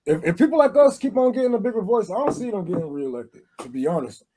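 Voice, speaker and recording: Lively, joking high-voiced man. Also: fast, a little hiss or hum. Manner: joking, slangy banter. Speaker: roundtable panelist. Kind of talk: casual political chat.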